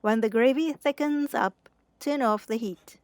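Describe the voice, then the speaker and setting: A woman, the host of a cooking channel, giving calm step-by-step narration over a recipe. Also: a little high, a little slow, dry recording.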